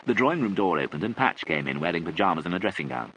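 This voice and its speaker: Cast: male audiobook narrator, lowish voice, very lively intonation. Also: slight background noise, low-quality recording. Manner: expressive, measured storytelling. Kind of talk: scripted narration.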